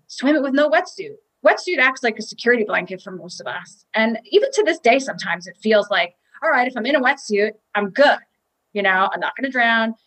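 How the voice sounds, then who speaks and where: A woman's voice: a little high, a bit bright, poor audio. A woman telling a candid, emotional personal story about a triathlon, with restarts and quoted inner thoughts.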